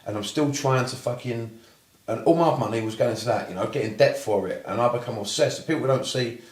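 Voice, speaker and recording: Fast-talking swearing Cockney man. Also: medium pitch, roomy sound. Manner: blunt, heavy swearing. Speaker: therapist. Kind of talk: casual interview storytelling.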